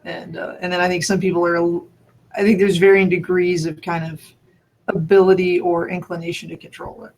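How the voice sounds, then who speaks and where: A man from New Mexico with a notably high speaking voice. He chats casually and rambles, thinking aloud, restarting sentences and breaking into short laughs. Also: flat delivery, brisk, vocal fry. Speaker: conversation partner. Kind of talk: casual chat.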